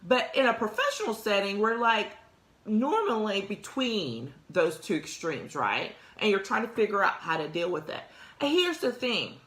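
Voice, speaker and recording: This career talk show host speaks to her audience casually and directly, offering motivation and laughing a lot. Her medium-pitched, fairly bright voice has big pitch swings and normal speed, and the room is reverberant.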